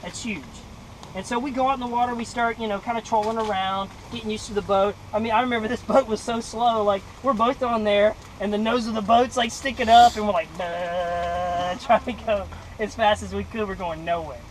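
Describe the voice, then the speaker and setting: A young man from Mississippi, telling a lively personal story in a devotional talk and acting out the voices. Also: high voice, brisk, a little hiss or hum, poor audio. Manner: animated storyteller acting out voices, laughing often. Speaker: devotional speaker.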